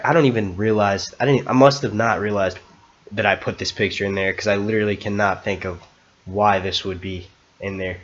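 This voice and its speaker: A man's voice: fairly low pitch, a bit bright, dull audio. A man hosting a live stream in a casual, rambling way, swearing and restarting his sentences often.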